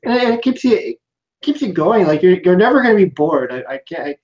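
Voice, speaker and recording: A man hosting a casual interview over a video call, speaking haltingly and repeating his words. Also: sits high, sing-song, darkish tone. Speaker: host. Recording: dull lo-fi video call audio.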